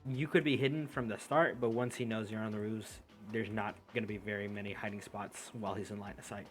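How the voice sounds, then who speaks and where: A man's voice: lowish voice, steady tone, quick pace, faint music behind. A man running a tabletop game as game master over a voice call, casually explaining rules and the map. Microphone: headset or desk mic on a voice call.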